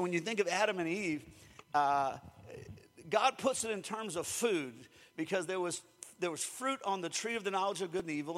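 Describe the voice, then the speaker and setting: High-voiced preacher in a hall. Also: male voice. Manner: lively preaching with call-outs to the congregation. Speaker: pastor. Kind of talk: sermon.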